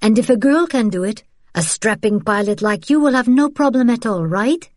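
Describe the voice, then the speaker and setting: A woman narrator voicing a brave young woman guide who speaks in a bright, reassuring way. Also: on the high side, lively intonation, moderate pace, dry recording, studio quality, pitched above the performer's own voice. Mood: encouraging.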